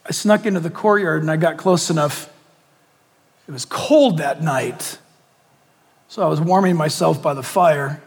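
A man's voice: a little high, measured pace, long pauses, slightly rough, big-room sound, pitched below the performer's own voice. A preacher voicing a grief-stricken apostle who tells, in the first person, how he betrayed his teacher. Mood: hushed. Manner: confessional first-person retelling.

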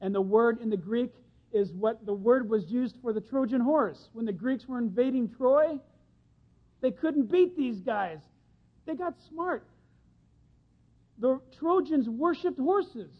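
Folksy animated male preacher, lo-fi. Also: very high voice, a little slow. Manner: folksy, animated, acts out little voices. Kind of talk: sermon. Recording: dull lo-fi sound.

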